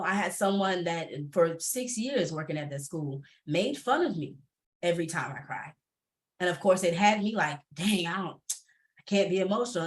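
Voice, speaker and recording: Expressive, laughing woman panelist. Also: lowish voice. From based in Atlanta. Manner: expressive, laughs often, animated asides. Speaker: panelist, entrepreneur. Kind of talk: candid panel discussion.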